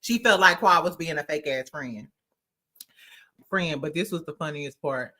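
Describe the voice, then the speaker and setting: A woman's voice: sits low, a little slow, bright, forceful tone. A woman hosting a casual, slangy recap chat, acting out quotes and laughing often. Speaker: podcast host.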